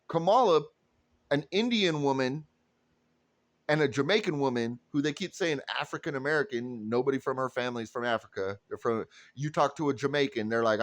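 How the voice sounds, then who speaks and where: Speaking at a moderate pace in a medium-pitched voice, a man delivers an angry, swear-filled political monologue to camera. He's a commentator talking right at his viewers, and there's no room sound.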